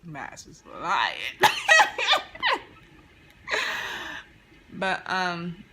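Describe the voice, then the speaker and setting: Young woman vlogger, animated slangy storyteller, bright tone. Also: on the low side, normal speed, slight background noise. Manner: animated, slangy retelling with quoted dialogue. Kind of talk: casual storytime. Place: indoors near a street, car noise outside.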